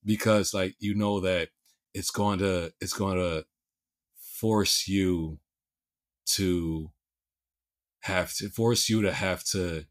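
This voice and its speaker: A man's voice: low-pitched, steady tone, slow pace, long pauses. A male podcast host with a Philadelphia accent, chatting casually and restarting his sentences often with repeated words.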